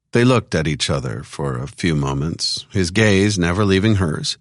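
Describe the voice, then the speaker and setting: A man narrating a thriller audiobook with expressive storytelling. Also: sits low, no room sound, clean studio sound. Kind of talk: scripted narration.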